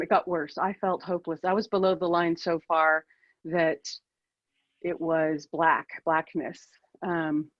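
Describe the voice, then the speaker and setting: A woman's voice: fairly low pitch, dry recording, lo-fi sound. A woman in her fifties, a keynote speaker, telling a personal story over a video call in a candid, self-deprecating way.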